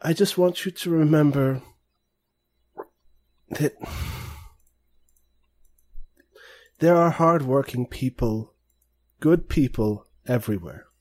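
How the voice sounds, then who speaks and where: A man voicing a friendly but sharp old grandfatherly man who speaks softly and sadly. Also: sits high, big pitch swings, a little slow, husky, voice pushed up, full character voice. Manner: soft, gentle, a little sad.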